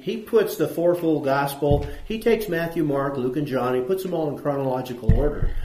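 Questioning preacher in an echoey room. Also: male voice, mid-range voice, darkish tone. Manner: asks the audience questions, repeats points for emphasis. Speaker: preacher teaching a Bible class. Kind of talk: conversational Bible lesson. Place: church room with audience.

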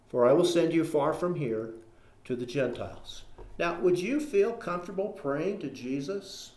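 A man's voice: on the high side, darkish tone, roomy sound. A man preaching a sermon, reading scripture aloud and arguing through rhetorical questions and acted-out dialogue.

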